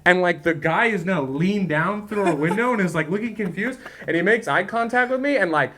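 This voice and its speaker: A man hosting a podcast in casual chat, his voice sitting a bit high. He tells stories in an animated way, swears freely and keeps breaking into laughter. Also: fairly quick, slight background noise. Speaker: podcast host.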